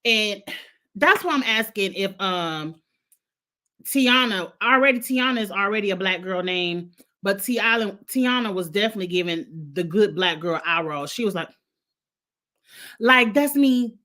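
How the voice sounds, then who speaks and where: A woman reviewing a reality show in a chatty, animated way, often laughing as she talks. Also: mid-range voice, measured pace. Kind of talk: casual chat.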